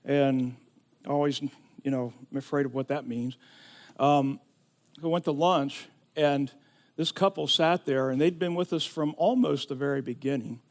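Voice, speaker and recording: A middle-aged man preaching a sermon, telling a personal story with rising emotion that builds to shouting. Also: mid-range voice, measured pace. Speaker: pastor.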